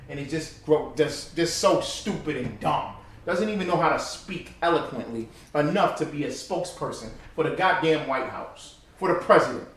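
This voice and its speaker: A man preaching with fiery, mocking commentary, his voice distant from the mic in a very echoey space. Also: a little high. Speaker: religious teacher.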